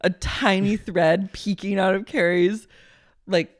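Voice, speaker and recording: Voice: mid-range voice, steady tone, takes it slowly. A podcast co-host recapping a TV episode in casual chat, making dry, wry quips.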